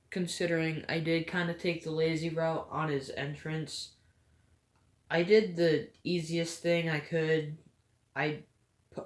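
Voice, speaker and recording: A woman talks through her gameplay in slow, halting stretches, stuttering and trailing off as she goes. Her delivery stays low-energy and halfhearted. The room around her rings with a noticeable echo. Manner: rambling, hesitant, stutters. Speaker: gaming vlogger. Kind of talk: casual gameplay commentary. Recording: echoey room.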